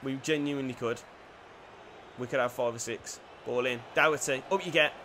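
A young man giving lively commentary over a football video game, dropping to quiet play-by-play and bursting into shouted cheers. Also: medium pitch, normal speed, slight background noise. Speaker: gaming YouTuber.

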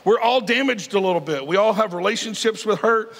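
A man's voice: high-pitched, a little fast, vocal fry, a bit bright. A man, preaching a sermon in a conversational, joking style with frequent calls to the congregation. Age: 50s. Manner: conversational preaching with humor and crowd prompts. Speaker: pastor. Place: large church sanctuary. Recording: long hall reverb.

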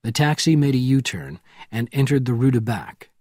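A man narrating a thriller audiobook in a measured, steady reading. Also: mid-range voice, breathy edge, dry recording, studio quality.

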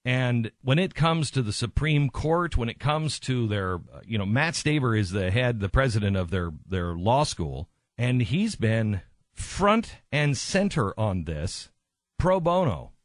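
A man's voice: medium pitch, sing-song, a little slow, no echo, clean studio sound. A man hosting a radio talk show, speaking in an impassioned, emphatic way and often repeating himself for stress.

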